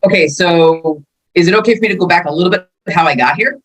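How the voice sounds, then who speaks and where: Animated woman in her fifties telling stories. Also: on the low side, quick pace, husky, rough recording. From California. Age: 50s. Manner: animated storyteller acting out quotes. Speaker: martial arts instructor and guest. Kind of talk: casual storytelling interview.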